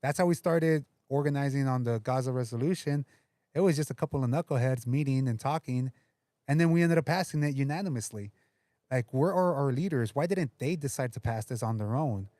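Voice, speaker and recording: A man's voice: mid-range voice, a little fast, warm tone, no room sound. Union organizer guy, earnest plain talk, dead dry sound. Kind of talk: podcast guest conversation.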